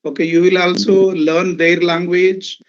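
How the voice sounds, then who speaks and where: High-voiced man from Telangana, lo-fi audio. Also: little pitch movement, unhurried. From Telangana, India. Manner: reassuring, with frequent "actually" and "okay". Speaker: symposium resource person. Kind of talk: answering audience questions.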